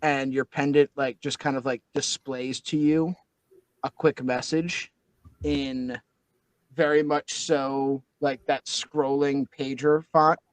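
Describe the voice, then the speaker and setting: A man's voice: medium pitch, flat delivery, slow pace, clean tone, dry recording, rough recording. A man narrating a tabletop game as game master, describing scenes loosely with many fillers.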